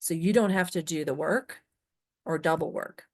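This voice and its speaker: A woman training users in a software webinar, emphatic and often checking in with "right?". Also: low voice, moderate pace.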